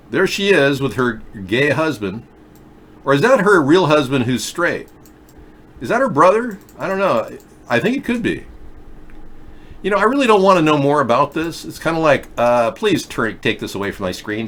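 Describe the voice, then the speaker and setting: A man's voice: mid-range voice, fairly bright tone. A middle-aged man hosting a live video chat show, reading viewer comments and rambling through sarcastic jokes and asides.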